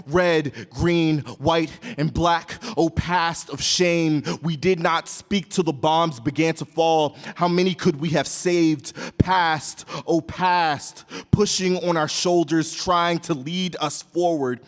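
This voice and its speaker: A man performing spoken word poetry on stage, slow and mournful. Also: a little high, fairly even intonation, in a large hall. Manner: slow, solemn, mournful recitation. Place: large hall stage before an audience.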